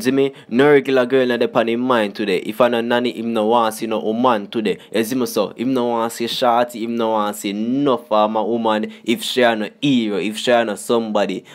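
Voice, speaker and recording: Brief: young Jamaican man, mid-pitched, easygoing vlog commentary full of "you see me" asides. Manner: chatty, repeats "you see me" constantly. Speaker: vlogger. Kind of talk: casual commentary on song lyrics.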